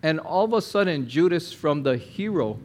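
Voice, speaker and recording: A man preaching a sermon, telling a story with lively acted-out quotes and talking to the listener directly. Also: on the high side, moderate pace. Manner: animated storyteller, acts out quotes, addresses listener as my friend.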